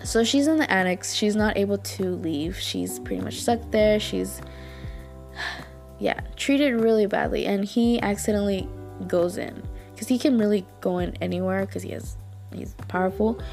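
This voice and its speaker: A woman's voice: medium pitch, lively intonation, moderate pace, a little mellow, faint music behind. A young woman hosting a podcast, chatting casually and gushing in a rambling way, full of fillers and repeats. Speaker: podcast host. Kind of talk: casual chat reviewing dramas.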